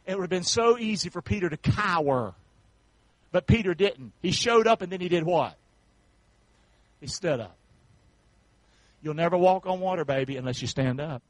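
A man preaches a sermon in a high, bright-pitched voice. He calls out to the congregation for answers and swells into shouts. The sound is dry and close. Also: lively intonation, normal speed, pauses often, no room sound, poor audio. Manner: preachy call-and-response, rising to shouts. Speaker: pastor.

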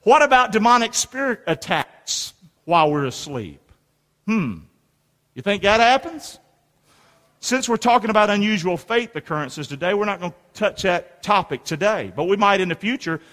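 A man preaching a sermon as pastor, in lively call-and-response with rhetorical questions to the congregation. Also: high voice, moderate pace. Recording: long reverb of a large hall.

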